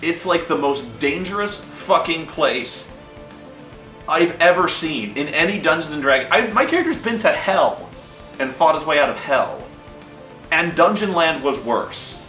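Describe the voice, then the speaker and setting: A man spinning a gaming story with lively, swooping pitch and a bright, forceful edge, swearing freely and tripping over restarts. He is heard off-mic in an echoey room, with faint music underneath. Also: a little slow. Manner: profane, excitable, frequent restarts. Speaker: tabletop game storyteller. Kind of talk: animated storytelling.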